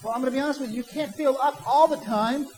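A man's voice: extremely high pitch, quick pace, a little mellow, rough recording. A man, a pastor, preaching a conversational sermon with personal asides and quoted imagined voices.

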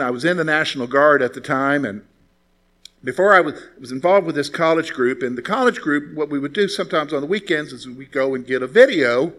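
A man's voice: medium pitch, a bit bright. A male pastor preaching a conversational sermon, asking the congregation rhetorical questions and telling stories.

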